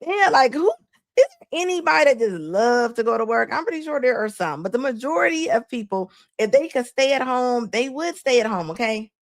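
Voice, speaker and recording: A woman's voice: on the high side, animated, fairly quick. A woman hosting a live stream, giving casual reaction commentary with frequent laughs and preachy asides to her viewers.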